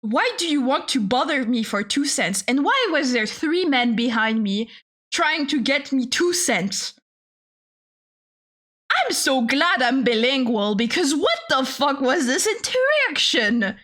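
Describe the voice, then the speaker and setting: A woman's voice: high-pitched, sing-song, unhurried, fairly bright tone. A young adult woman streamer telling stories in a casual, profane, exasperated rant, laughing often.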